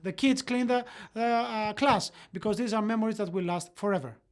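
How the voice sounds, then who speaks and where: A live voice-over interpreter carries a parenting lecture sentence by sentence. The delivery is halting, with frequent fillers and quick self-corrections, at a middle pitch.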